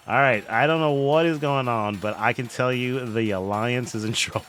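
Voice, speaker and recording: A man casting a live online game match, excitable and jokey, often cracking up with laughter. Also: mid-range voice, normal speed, few pauses, soft background music. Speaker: game commentator. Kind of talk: live esports commentary.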